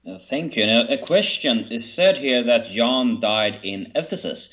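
A man in a casual Bible discussion talks in stops and starts, often breaking off a word and trying again. His voice sits at a middle pitch and sounds like an ordinary speaking voice. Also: lively intonation, fairly bright tone. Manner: halting, restarts words and searches for phrasing. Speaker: co-host of a Bible study show.

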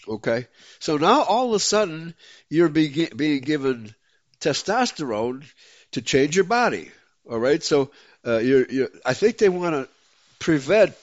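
A man hosting a talk show, speaking in an excitable, emphatic way and often breaking into laughter. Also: medium pitch, no room sound. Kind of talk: casual talk show conversation. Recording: dull lo-fi dry sound.

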